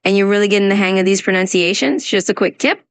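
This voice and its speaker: In this scripted practice session, an artificial female voice serves as an AI English tutor. Her mid-range voice moves at a quick pace with a clean tone and no echo, and she stays upbeat and encouraging while answering questions and sharing pronunciation tips.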